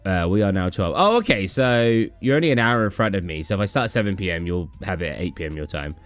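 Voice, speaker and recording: A man's voice: low voice, expressive, quick pace. A young British man chatting casually with viewers on a stream, rambling and acting out his own reactions. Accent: British English. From Britain. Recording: dry room with faint music behind.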